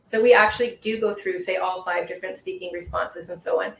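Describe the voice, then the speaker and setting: A woman's voice: on the low side, steady tone, fairly quick. A woman test-prep instructor answering questions on a webinar in a patient, reassuring, explanatory way, over a video call. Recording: roomy echo.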